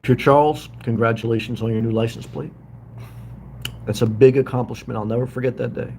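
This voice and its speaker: Broadcasting from the hotel room where he lives, a middle-aged livestream host reads comments and calls out viewers by name, drifting loosely and warmly between topics. His gravelly, mid-range voice is brisk with fairly even intonation, over a faint hiss of room noise.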